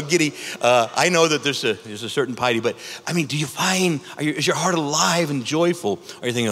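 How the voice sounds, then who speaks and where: Lively preaching priest in an echoing hall. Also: male voice, fairly high pitch, brisk. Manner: animated, conversational, with rhetorical questions. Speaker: priest and conference speaker. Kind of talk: conference talk, preaching. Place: large conference hall. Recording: echoey conference hall.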